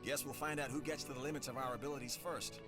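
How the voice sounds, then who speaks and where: Brief: a man voicing a tough security chief in a video game, clipped and authoritative, mid-pitched, game music underneath. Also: fairly even intonation, fast, natural voice. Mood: grim. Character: tough male park security chief, curt and commanding.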